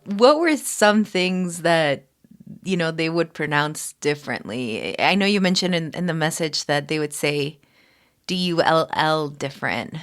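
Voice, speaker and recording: A woman's voice: deep voice, animated, measured pace. A woman hosting a podcast, asking friendly questions and encouraging her listeners. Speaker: podcast host. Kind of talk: hosted interview and narration.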